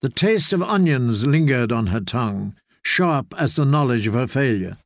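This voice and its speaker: A man reading fantasy narration for an audiobook in a measured, steady way. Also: mid-range voice, no echo, studio quality.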